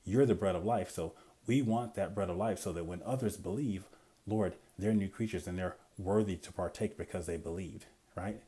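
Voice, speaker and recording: Low husky man teaching the Bible. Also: moderate pace, warm tone. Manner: conversational, asks rhetorical "what?" questions, grows emphatic.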